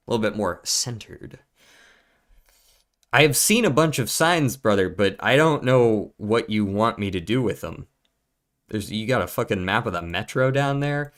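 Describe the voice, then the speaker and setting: A man's voice: lowish voice, lively intonation, moderate pace, fairly bright tone. A man streaming a puzzle game, thinking aloud in a casual, profane mutter as he works through clues.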